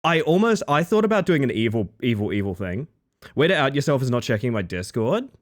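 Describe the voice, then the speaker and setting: A man's voice: mid-range voice, big pitch swings, a little fast. A man streaming live, chatting casually and greeting his chat one by one with playful, jokey asides.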